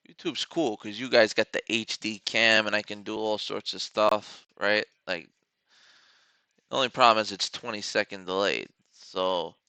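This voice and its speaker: Gravelly, bright-voiced man streaming trades. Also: fairly low pitch, no room sound, rough recording. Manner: rambling, joking, swears freely. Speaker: day-trading live streamer. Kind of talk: casual live-stream chat. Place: home trading studio with many monitors.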